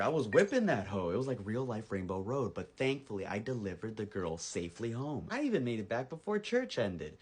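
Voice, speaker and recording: A young man in his twenties telling a comedic personal story, animated and acting out the voices. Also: on the low side, a little fast, hardly any pauses, slight background noise.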